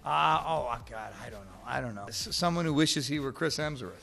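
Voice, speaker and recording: A man's voice: a little high, creaky, pushed and bright. A man answering interview questions in casual chat, laughing easily and restarting his sentences often. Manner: laughing, halting with many restarts.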